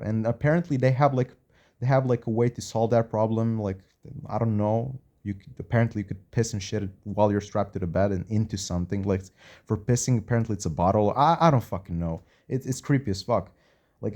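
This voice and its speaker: Low mellow-voiced man telling a story. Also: fairly quick. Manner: rambling, slangy, swears a lot. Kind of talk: casual storytelling.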